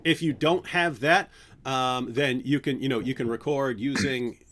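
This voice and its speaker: A man hosting a livestream, chatting casually in an animated, playful way and often restarting his sentences. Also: mid-range voice, a little slow. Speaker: channel host.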